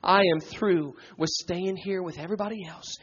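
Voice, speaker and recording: Fervent high-voiced male preacher. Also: fairly even intonation, moderate pace, breathy edge. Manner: fervent, rising to shouts, many "uh" fillers and "praise God". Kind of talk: sermon. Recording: dull lo-fi recording.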